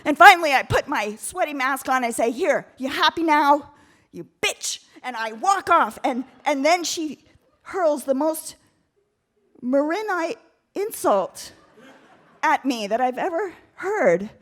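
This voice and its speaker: A woman from Oakland telling a candid, comic story live on stage, getting animated as she goes. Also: high voice, a little slow. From Oakland, United States.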